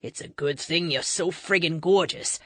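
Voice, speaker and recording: A woman voicing a brash young male speedster with a Boston accent, joking in a lower, gruff way. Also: normal speed, dry recording, studio quality.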